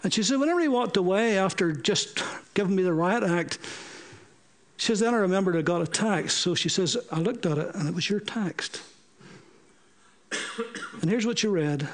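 A man's voice: sits high, moderate pace, long pauses. A middle-aged man, preaching a sermon through stories and acting out the dialogue he quotes. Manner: animated, acts out quoted dialogue. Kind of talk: sermon storytelling.

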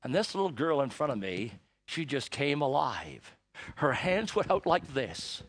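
An older man preaching a sermon, telling an emotional story and building to loud, forceful emphasis. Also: fairly high pitch, sing-song, a little slow, no room sound. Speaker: missionary preacher.

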